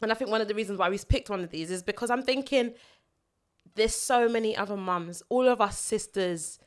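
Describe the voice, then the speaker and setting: A woman's voice: medium pitch, fairly quick. A woman from Nigeria co-hosting a podcast, chatting in a reflective, heartfelt way and laughing easily. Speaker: podcast co-host. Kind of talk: casual heartfelt chat.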